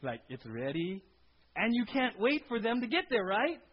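A man gives a conversational sermon in a fairly high, husky voice. He keeps checking in with the congregation through quick questions. The recording is dull and lo-fi. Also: sing-song. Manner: conversational preaching, frequent "right?" tag questions. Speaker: pastor. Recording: dull lo-fi sound.

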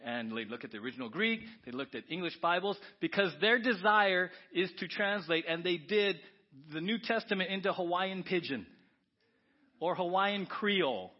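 A male pastor preaching a sermon, animated, swinging between soft asides and loud exclamations. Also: sits high, moderate pace, dull audio.

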